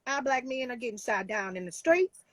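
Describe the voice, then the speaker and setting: A woman's voice: fairly high pitch, lively intonation, a little fast, no room sound. A woman life coach talking in a casual talk show, emphatic and heartfelt, with many restarts.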